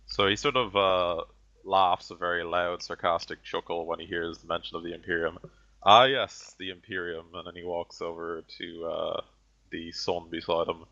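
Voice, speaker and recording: Deep gravelly guy running a tabletop game, lots of uhs, dull lo-fi audio. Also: flat delivery, moderate pace, sharp tone. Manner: hesitant, many fillers. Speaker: game master.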